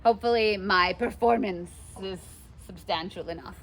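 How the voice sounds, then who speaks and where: A woman teaching a class in a casual, animated way, full of fillers, in a classroom. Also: medium pitch, moderate pace, slight background noise. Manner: chatty, animated, many fillers. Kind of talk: classroom lecture with read-aloud passages.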